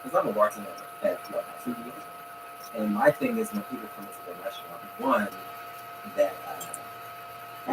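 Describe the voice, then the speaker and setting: A man's voice: lowish voice, reverberant. A man chatting casually on a podcast, making his points emphatically. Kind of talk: casual chat. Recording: distant mic, noisy.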